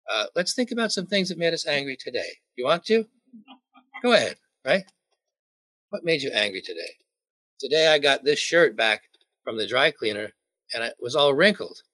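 A man's voice: mid-range voice, bright, forceful tone, no room sound. A man preaching a sermon, joking and putting questions to the congregation. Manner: jokey, asks the congregation questions.

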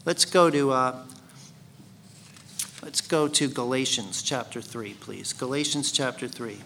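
A man's voice: mid-range voice, measured pace, gravelly, pushed and bright, slight background noise. A man teaching a Bible study sermon in a conversational way, asking his listeners questions. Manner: conversational, asks the congregation questions.

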